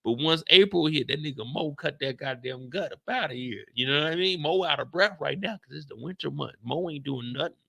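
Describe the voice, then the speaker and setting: Gravelly, bright-voiced man ranting. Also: fairly high pitch, a little fast, few pauses, no echo. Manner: animated, profane and slangy. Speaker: TV show recap host. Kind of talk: casual ranting episode recap.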